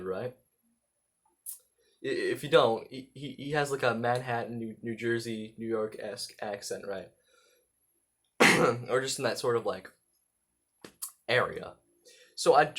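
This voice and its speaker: A young man with a husky, slightly rough voice rambles through a casual vlog monologue. He trips over his words, drops plenty of fillers and the odd swear, at a mid pitch. He records indoors in a room. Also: a bit bright. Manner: rambling, halting, with many fillers and profanity.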